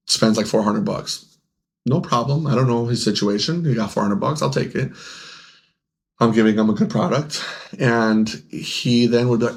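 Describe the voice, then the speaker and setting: A man's voice: on the low side, moderate pace. A young man, a podcast co-host who owns a game store, telling rambling stories in casual chat, laughing often and acting out the people he quotes.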